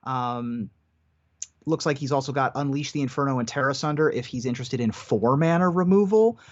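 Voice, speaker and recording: A man's voice: mid-range voice, brisk. A man commentating a card game tournament live, giving analytical play-by-play. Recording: dull lo-fi stream audio.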